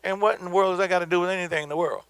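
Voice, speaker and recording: A man's voice: sits high, steady tone, rapid-fire, fairly bright tone, clean tone, no room sound. A middle-aged man from the American South giving a motivational business talk, emphatic and preacherly, repeating his points for effect. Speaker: business speaker.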